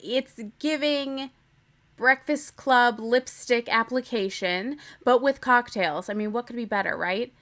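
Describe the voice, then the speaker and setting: A young woman hosts a casual recap podcast with a bright, forward voice that sits a little high. She talks in a chatty, opinionated way, with playful bursts of drama. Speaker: podcast host.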